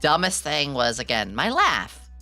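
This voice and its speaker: A young woman chats on stream in a low but bright, forceful voice that swoops up and down constantly. She is excitable and giggly, swears casually and answers her chat. Faint music plays behind her. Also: unhurried. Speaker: VTuber streamer.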